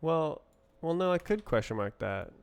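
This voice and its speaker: A man thinking aloud as he works through code on a live stream, muttering to himself in halting fragments. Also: a little high, sing-song, creaky, clean tone. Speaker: programmer streaming live coding. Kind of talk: thinking aloud while coding.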